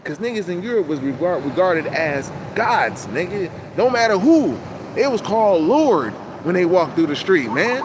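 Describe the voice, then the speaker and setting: Man, high voice, casual street-slang monologue, profane and animated, loud traffic behind. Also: moderate pace. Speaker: channel host. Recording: loud outdoor traffic noise.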